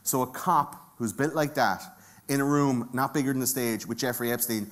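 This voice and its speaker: Speaking at normal speed with a medium-pitched voice, a conference speaker with an Irish accent delivers a comedic live talk laced with profanity. He jokes around and trades banter with the crowd from the stage.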